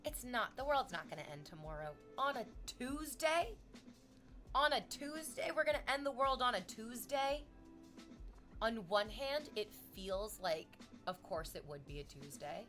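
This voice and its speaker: A woman streaming, reading chat aloud and chatting casually in an animated, exclamatory way that drifts into tangents. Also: mid-range voice, normal speed, soft background music.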